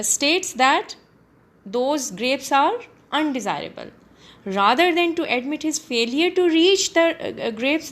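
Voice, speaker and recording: A woman teacher walks her students through a poem, pausing often with fillers as she defines each hard word. She speaks slowly and unhurriedly, her voice sitting a little high. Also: a bit bright. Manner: explains words step by step with many fillers. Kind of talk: classroom poetry lesson.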